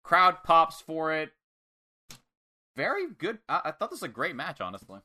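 Bright-voiced man in casual banter. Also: a little high, normal speed. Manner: animated recapping, swearing, acting out quotes. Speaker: podcast co-host reviewing wrestling matches. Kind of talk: casual chat.

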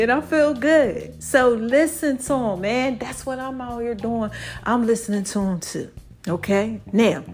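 A woman hosting a casual devotional podcast, animated and laughing, stretching out her words. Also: medium pitch. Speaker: podcast host.

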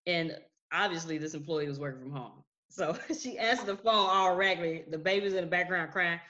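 A woman's voice: lowish voice, brisk, bright, forceful tone. A woman co-hosting a podcast, chatting casually and laughing often as she tells stories with quoted voices. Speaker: podcast co-host. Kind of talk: casual chat. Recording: slightly dull lo-fi sound.

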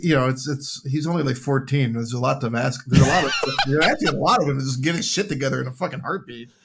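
A man's voice: medium pitch, fast, gravelly, heavy background noise. A man in casual podcast chat, thoughtfully breaking down a film and laughing easily. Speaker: podcast guest.

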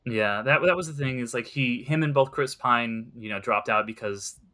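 A man's voice: mid-range voice, normal speed, pushed and bright. A young man in casual conversation about movies, rambling and earnest, with many fillers.

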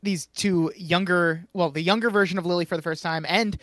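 A man hosts a recap podcast in easy, chatty talk, laughing often as he goes. He speaks fast, in a slightly high voice. The sound is dry and close. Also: steady tone, a bit bright, no echo. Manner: quick, giggly recapping. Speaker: podcast host. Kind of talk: casual chat.

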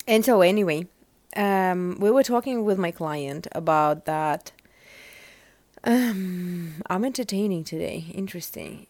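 A woman's voice: medium pitch, measured pace, darkish tone, no room sound. A woman with a Russian accent, a native Russian speaker, hosting a casual solo podcast. She rambles and searches aloud for words. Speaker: podcast host.

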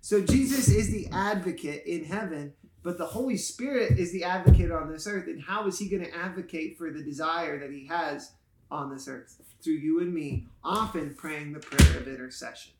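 On the high side with a darkish tone, this man talks at normal speed over slight background noise and a roomy echo. A pastor and podcast co-host, he jokes and explains Bible passages in a casual, playful, enthusiastic way.

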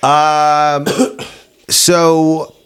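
A man hosting a casual podcast chat, animated and freely swearing. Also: on the high side, drawn-out words, smooth. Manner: animated, swears freely, sings and recites in bursts. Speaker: podcast host.

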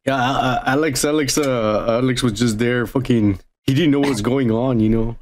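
A man's voice: medium pitch, moderate pace, a little hiss or hum. A man co-hosting a podcast, chatting casually over beers, profane and loose, often laughing. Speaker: podcast co-host.

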